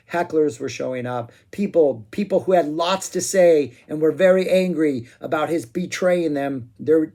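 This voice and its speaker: A man giving a casual spoken music review, excitable and rambling, with frequent "um"s and asides. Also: a little high.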